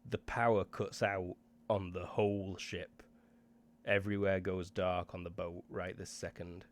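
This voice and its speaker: A man narrating scenes as game master of a tabletop role-playing game in a relaxed way. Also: sits low, unhurried.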